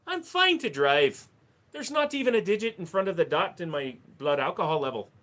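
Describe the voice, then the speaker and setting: A man's voice: high-pitched, big pitch swings, moderate pace, bright, forceful tone, pitched above the performer's own voice, full character voice. A man voicing a drunk, rowdy Irish man with brash stage-Irish bravado. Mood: boozy.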